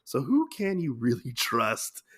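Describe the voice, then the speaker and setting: A man's voice: medium pitch, huge pitch swings, unhurried, fairly bright tone, husky. A man hosting a podcast, casually retelling a comic book story in a rambling way, full of filler words. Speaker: podcast host.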